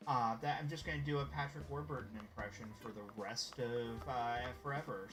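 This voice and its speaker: A man's voice: mid-range voice, normal speed, few pauses. A man from the Southern United States with a light Southern twang, chatting casually on a game stream, rambling with fillers and restarts and sometimes dropping to a whisper. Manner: rambling, with frequent fillers and restarts, drops to a whisper when musing. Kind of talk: casual gameplay stream chat. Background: game music.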